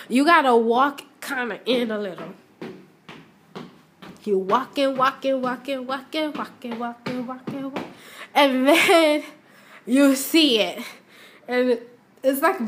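Chatty woman with a higher voice. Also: fairly bright tone, slight background noise. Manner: chatty, repeats phrases, talks straight to listeners. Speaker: podcast host. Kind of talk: casual solo podcast chat. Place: shop, stepping in and out of doors.

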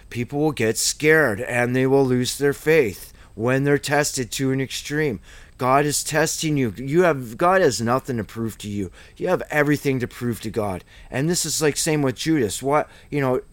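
A man's voice: mid-range voice, dry recording. A man teaching a Bible study in an informal, rambling, emphatic way, full of asides and rhetorical questions.

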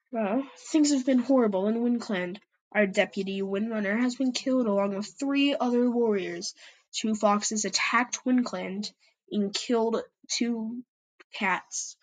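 A woman's voice: fairly high pitch, measured pace, rough recording. A woman doing a somber tomcat leader. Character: grave male clan leader cat sharing bad news.

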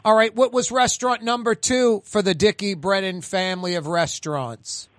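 A man's voice: high voice, fairly even intonation, moderate pace, a bit bright, dry recording. A man, hosting a casual radio interview in a chatty, agreeable way. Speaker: radio host.

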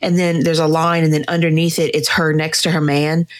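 A woman's voice: sits low, fairly quick. A woman co-hosting a podcast, chatting casually and acting out the voices in her stories. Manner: animated storyteller, acts out quotes. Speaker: podcast co-host. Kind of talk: casual chat.

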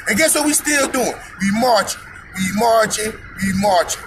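Heated profane man with high voice. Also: lively intonation, normal speed, over music, rough recording. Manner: profane, heated, emphatic repetition; preachy, rhetorical questions. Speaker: podcast host. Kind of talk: personal opinion monologue.

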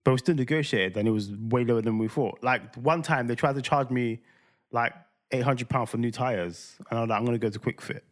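A man co-hosting a podcast, telling stories in a relaxed, confident way and dropping his voice low when he quotes people. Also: a little fast. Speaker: podcast co-host. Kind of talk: casual chat.

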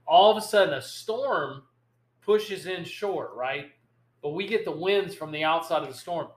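A man hosting a podcast, telling a long fishing story in an animated, rambling way. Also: a little high, normal speed. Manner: animated, rambling storyteller who acts out quotes. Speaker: podcast host. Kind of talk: casual storytelling chat. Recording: echoey room.

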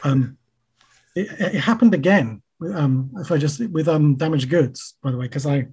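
Writer guest, male, slightly raised husky voice, hesitant and self-effacing. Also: on the high side, a little mellow. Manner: halting, frequent fillers and restarts; self-deprecating. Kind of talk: casual interview talk.

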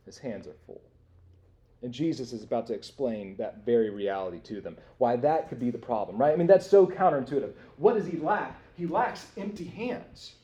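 A man's voice: mid-range voice, lively intonation, moderate pace, dark tone, highs cut off. A young man giving a conversational, interactive sermon to students, asking them questions and filling with "like" and "right?". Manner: conversational, asks the audience questions, lots of "like" and "right?". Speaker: campus minister.

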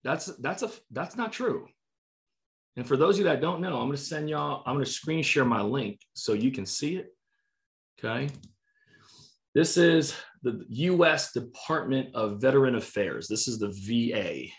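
A man's voice: mid-range voice, expressive, moderate pace. A man training insurance agents in a casual online session, acting out client calls and often checking in with "right?". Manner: conversational, acts out client calls, frequent "right?" and "you know". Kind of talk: casual training talk to a live online audience.

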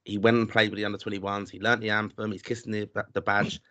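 An Irish man co-hosting a podcast, speaking reflectively and with measured thought, often restarting his sentences. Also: fairly low pitch, flat delivery, pushed and bright, slight background noise. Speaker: podcast co-host. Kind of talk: casual podcast chat.

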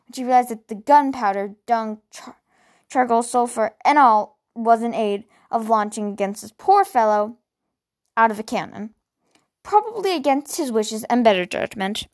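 A woman with a fairly high voice reads a storybook aloud, then drifts into loose, chatty talk about it. She stumbles and restarts her sentences now and then, and her delivery stays relaxed and unpolished throughout. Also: moderate pace. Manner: casual, with filler words and restarts. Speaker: podcast host reading a novel aloud. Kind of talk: storybook reading with casual chat.

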